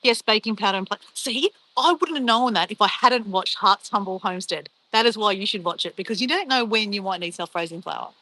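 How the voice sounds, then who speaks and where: A woman's voice: mid-range voice, fairly quick, few pauses, bright, forceful tone, poor audio. An Australian woman chatting casually and bubbly on a travel live stream, reacting to her viewers.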